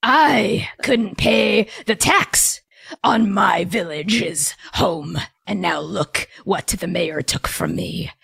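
A woman's voice: mid-range voice, slow, gravelly, fairly bright tone, husky, no room sound, studio quality, heavily acted. Bitter gnoll, male, one-eyed, growly and scornful in a tabletop game, played by a woman.

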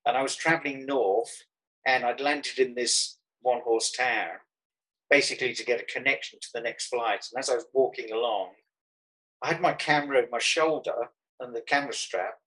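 A man's voice: mid-range voice, fairly quick, sharp tone, low-quality recording. A man from Birmingham with a Birmingham accent, telling a rambling travel anecdote in an interview, full of restarts and chuckles. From Birmingham, England. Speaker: artist guest. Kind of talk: conversational interview, storytelling.

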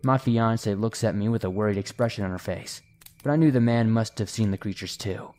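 A man narrating listener-submitted horror stories, slowing and hushing his delivery at the tense moments. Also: fairly low pitch.

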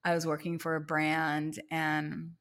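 A woman's voice: low voice, completely flat delivery, a little slow, a bit bright. A woman guest on a casual podcast, telling stories in a chatty way with lots of "like" and acted-out quotes. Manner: chatty storyteller, heavy use of "like", acts out quotes. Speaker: guest denim expert.

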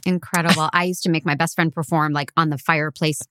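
A woman's voice: low-pitched, fairly even intonation, a bit bright. A woman co-hosting a podcast, chatting casually with a wry, teasing sense of humor. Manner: wry, jokey, quick with teasing quips. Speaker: podcast co-host. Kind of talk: casual chat.

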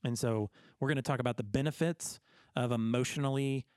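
Male podcast host, playful banter, stumbling restarts, middle pitch, dry close recording. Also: steady tone, fairly quick, a little mellow, clear, resonant tone, no room sound. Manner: joking, repeats words when starting sentences. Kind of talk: casual podcast chat.

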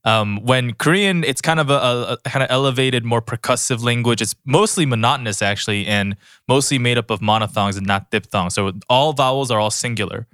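A man who produces a podcast, explaining in a measured way. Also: mid-range voice, fairly bright tone, smooth, no room sound, clean studio sound. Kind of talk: casual chat.

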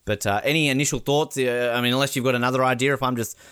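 A man hosting a casual podcast, jokey and quick to laugh. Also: medium pitch, fairly even intonation, a bit bright, smooth, no room sound, clean studio sound. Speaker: podcast host.

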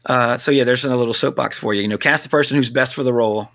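A man co-hosting a casual film talk, blunt and animated, swearing now and then. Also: medium pitch, fast, gravelly. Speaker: podcast co-host.

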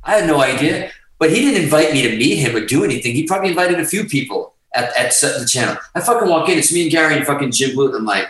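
A middle-aged man, a guest musician, telling a story in a casual, animated way, swearing constantly and restarting his sentences. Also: a little high, fast talker, hardly any pauses. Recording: roomy sound, distant from the mic.

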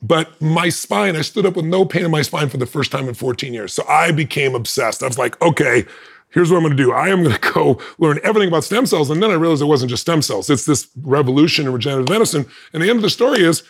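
Male guest, fast and emphatic, higher-pitched, acts out quotes. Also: lively intonation, creaky. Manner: acts out others' lines in changing voices; emphatic, laughs between lines. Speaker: podcast guest. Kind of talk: animated personal storytelling.

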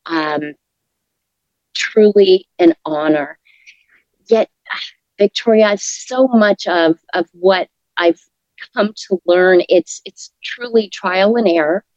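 A middle-aged woman talking as an interview guest, earnest and encouraging, with soft laughs slipping into her words. Her voice sits a little low. The recording is dry and slightly dull, with lo-fi sound. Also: dry recording. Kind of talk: casual interview talk.

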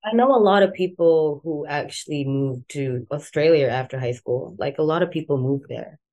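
A young woman from South Africa with a softened South African accent, chatting casually as an interview guest, rambling with many fillers. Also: low-pitched, moderate pace, highs cut off. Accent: South African, softened toward American. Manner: relaxed, rambling, many "like" fillers, laughs easily. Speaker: guest, musician.

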